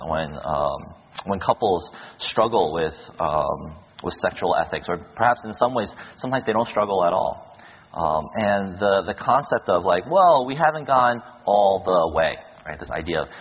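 पुरुष पादरी, धुंधली गूंजती हॉल रिकॉर्डिंग. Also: male voice, fairly low pitch, breathy edge. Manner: animated storytelling with acted-out quotes. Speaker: pastor. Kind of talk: sermon. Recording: dull echoey hall, lo-fi.

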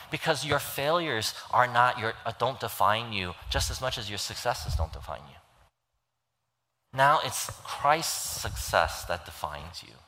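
Earnest preacher in an echoing hall. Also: male voice, lowish voice, pushed and bright. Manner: earnest, pleading, retells stories acting out the voices. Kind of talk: sermon. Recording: long hall reverb.

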